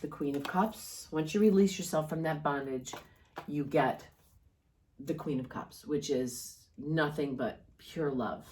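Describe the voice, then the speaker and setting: Tarot reader, woman, deep-ish voice, chatty and reassuring, stops and restarts a lot. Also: unhurried, darkish tone, slight background noise. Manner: rambling, encouraging, many fillers and restarts. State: coughing and yawning at times. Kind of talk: casual tarot reading monologue.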